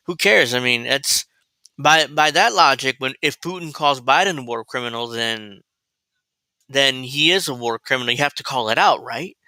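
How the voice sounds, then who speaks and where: Blunt, profane man with a bright voice. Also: medium pitch, no room sound, rough recording. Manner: mocking, laughs at his own points. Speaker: commentary show host. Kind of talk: political commentary livestream.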